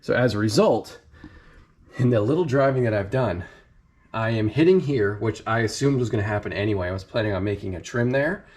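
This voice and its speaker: A young man in a casual garage vlog, talking with laid-back slang and excitement while he works on his car. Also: fairly low pitch, fairly quick. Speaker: car modding vlogger.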